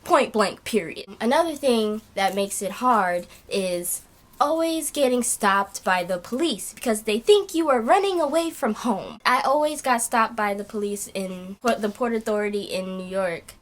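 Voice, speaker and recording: A woman's voice: fairly high pitch, lively intonation, normal speed. Exasperated young woman ranting. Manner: exasperated, complaining, many fillers. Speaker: vlogger. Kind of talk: casual rant to camera.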